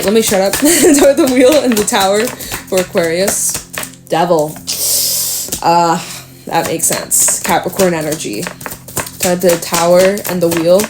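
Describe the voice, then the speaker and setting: A woman's voice: on the low side, background noise. A young woman giving a casual tarot reading, talking to the cards as she draws them, swearing offhandedly and laughing often. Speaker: tarot reader.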